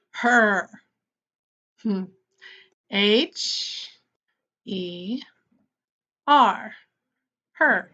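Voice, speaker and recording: A woman teaching an early-grade writing lesson, spelling words sound by sound and gently asking and answering her own questions. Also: a little high, lo-fi sound. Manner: slow, sound-by-sound spelling for young children; gently encouraging, asks questions and answers them.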